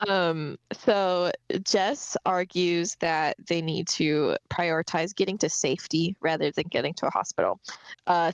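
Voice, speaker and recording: Woman co-host, lowish voice, dry close sound, chatty and giggly recapper. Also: no room sound. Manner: chatty, giggly, recaps chapters with many fillers. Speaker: podcast co-host. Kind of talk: casual livestream discussion.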